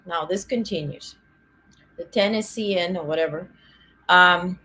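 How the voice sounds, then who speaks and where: A woman's voice: mid-range voice, fairly bright tone, a little hiss or hum. A woman hosting a political news livestream, ranting indignantly and chatting with live viewers. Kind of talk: casual political commentary.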